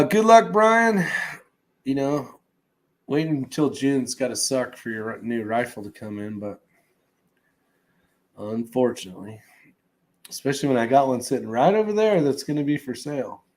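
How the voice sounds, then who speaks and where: Male livestream host, relaxed and rambling, mid pitch, casual chat delivery.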